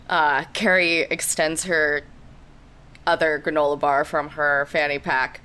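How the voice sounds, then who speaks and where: A woman's voice: deep voice, flat delivery, unhurried, pushed and bright, clear, resonant tone. A woman playing a tabletop role-play game, narrating her character's actions in a playful, jokey way. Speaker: player. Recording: remote recording with faint noise.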